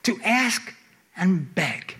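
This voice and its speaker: Animated high-voiced male preacher. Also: extremely slow, slightly rough. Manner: animated, rising to emphatic high pleas then dropping low; asks the congregation questions. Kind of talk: sermon.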